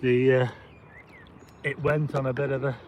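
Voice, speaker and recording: A man's voice: medium pitch, level tone, normal speed, a little hiss or hum. Chatty man livestreaming outdoors. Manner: chatty and rambling, greets viewers and reads out chat. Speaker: livestream host. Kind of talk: live walking vlog, chatting to viewers. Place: outdoor city park. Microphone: plug-in mic on a phone with a stabilizer.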